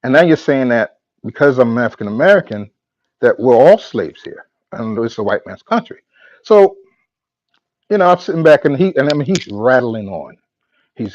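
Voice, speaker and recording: A man in a middle pitch tells a long story to the mic, with halting phrasing and many false starts. He voices both himself and the other person. The sound is dry and slightly dull, with no room echo. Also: a little mellow. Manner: halting, repeats words and restarts often; acts out both sides of a conversation. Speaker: podcast host. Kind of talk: casual storytelling monologue.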